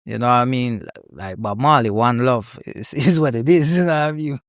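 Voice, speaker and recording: Laughing, animated Jamaican man. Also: mid-range voice, brisk, no echo, studio quality. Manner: animated storyteller, laughs a lot, repeats "you know what I mean". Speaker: guest comedian. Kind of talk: podcast conversation.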